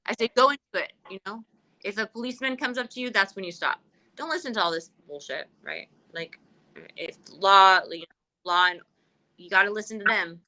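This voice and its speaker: A woman in her forties hosting a casual podcast, talking loudly and emphatically, swearing a lot and rambling. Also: medium pitch, a little fast, poor audio. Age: 40s. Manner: loud, profane, emphatic and rambling. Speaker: podcast host.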